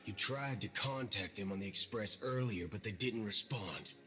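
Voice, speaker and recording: A man's voice: lowish voice, moderate pace, music in the background, natural voice. A man voicing a wisecracking, impatient young traveler in a game dub. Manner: sarcastic, mild fake swearing.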